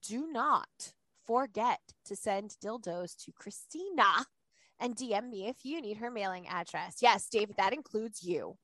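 A woman hosting a podcast in casual chat, talking in a rambling, animated way full of fillers. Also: mid-range voice, measured pace, dry recording, poor audio. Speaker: podcast host.

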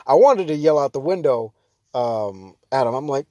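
A young man in a casual vlog rant, talking fast and loose with lots of fillers and restarts. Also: medium pitch, animated, no room sound. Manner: ranting, exasperated, jumps to loud mock shouts.

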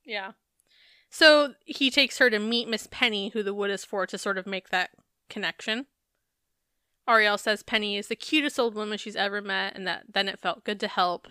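A woman's voice: medium pitch, moderate pace, sharp tone, smooth, no echo, clean studio sound. A woman co-hosting a podcast, recapping a reality show in casual, chatty talk with some swearing. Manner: chatty, profane, laughs while recapping. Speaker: podcast co-host.

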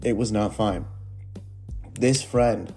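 A young man telling stoner stories from Reddit in a rambling, animated way, full of fillers and swearing. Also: lowish voice, slow pace, creaky, faint music behind. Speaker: storyteller reading Reddit posts. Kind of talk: casual storytelling.

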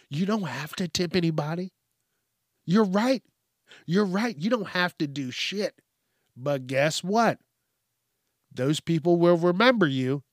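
A man hosting a casual comedic news show, ranting in a profane, animated way. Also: on the high side, no echo, studio quality. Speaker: show host.

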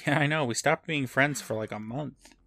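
A man's voice: medium pitch, moderate pace, gravelly, pushed and bright. A man co-hosting a podcast, casually recapping an episode with laughs and acted-out quotes. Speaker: podcast co-host.

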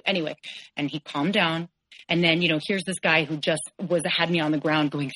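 A woman in her forties speaks in a low voice. She retells a hard stretch of her life with candor, quoting the people involved. She talks as a podcast guest. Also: steady tone, fast talker, fairly bright tone, no echo, rough recording. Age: 40s. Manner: candid, tense retelling, quotes others in shifting voices. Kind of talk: personal story in an interview.

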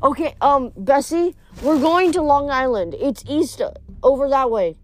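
A woman's voice: high-pitched, moderate pace, pitched above the performer's own voice, close to an everyday voice. A woman voicing a nervous young male satyr who stammers and hesitates. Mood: flustered.

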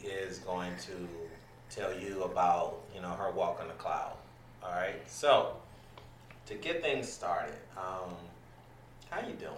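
A man's voice: sits low, slow. A man hosting a casual podcast, talking loosely with lots of ums, restarts and swearing. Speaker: podcast host. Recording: echoey room, mic at a distance, faint noise.

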